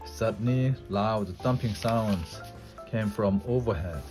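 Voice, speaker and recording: A man reading a children's chapter book aloud, slow and deliberate. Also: on the low side, over music. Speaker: storybook reader.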